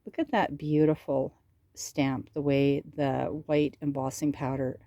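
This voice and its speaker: A woman's voice: a bass voice, flat delivery, measured pace, dark tone, dry recording. A middle-aged woman chatting casually as she shows off her handmade craft pieces, gushing over how pretty they are. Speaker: crafting vlogger. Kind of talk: casual show-and-tell.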